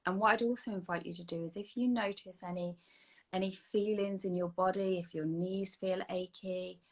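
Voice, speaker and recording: A woman guiding a slow, soothing breathing and energy healing meditation, sometimes dropping to a soft whisper. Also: mid-range voice, fairly even intonation. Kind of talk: guided meditation. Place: online video session.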